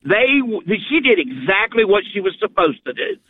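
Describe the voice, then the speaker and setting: A man's voice: sits high, big pitch swings, a little hiss or hum. A man from Arkansas calling in to a radio show, speaking earnestly and in a hurry. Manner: earnest, hurried. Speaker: caller. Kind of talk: call-in talk. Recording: tinny phone line.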